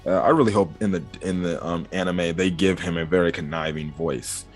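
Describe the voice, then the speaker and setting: A man with a lowish voice gives a casual, rambling recap of a comic chapter. He leans on fillers and drops into quick voiced quotes of the characters. Soft music plays faintly underneath. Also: fairly even intonation. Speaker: manga reviewer. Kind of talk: casual video commentary.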